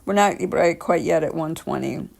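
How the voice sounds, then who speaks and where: A woman around forty with a scratchy, raspy throat, reading creepy stories aloud with chatty asides. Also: low voice, moderate pace, darkish tone. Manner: chatty asides, filler-laden. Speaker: story reader.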